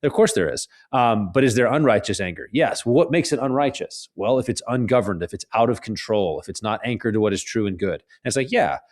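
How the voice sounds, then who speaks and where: A man, a guest author, talking earnestly in an interview, animated and often restarting his sentences. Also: lowish voice, a little fast, few pauses. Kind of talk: conversational interview.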